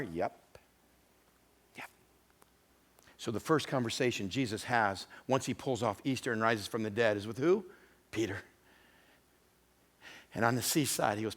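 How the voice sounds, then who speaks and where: A male pastor delivering a sermon, retelling scripture stories with acted-out voices, moving between hushed, intimate moments and loud, emphatic ones. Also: fairly low pitch, normal speed, pauses often. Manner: dramatic storytelling, acting out voices of scripture figures.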